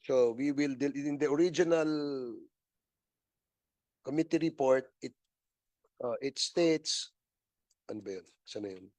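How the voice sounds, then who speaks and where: A man's voice: mid-range voice, a little slow, pauses often, darkish tone, dry recording. A man with a Filipino accent chairing a committee hearing, slipping Tagalog asides into his English. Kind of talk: legislative hearing proceedings.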